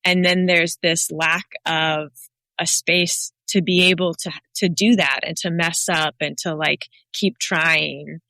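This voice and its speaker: A woman's voice: fairly low pitch, fairly even intonation, slow, bright, forceful tone, no echo. A woman hosting a podcast, sharing earnest, thoughtful reflections in casual conversation. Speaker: podcast host.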